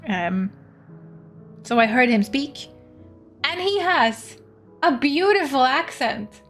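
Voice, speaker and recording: A young woman from Sweden speaks English while streaming a game, chatting casually with her viewers. Her voice sits a little high, and she giggles often and chatters on. Soft music plays faintly underneath. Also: big pitch swings, takes it slowly. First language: Swedish. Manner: chatty and giggly, reads game text aloud. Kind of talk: casual gameplay chat.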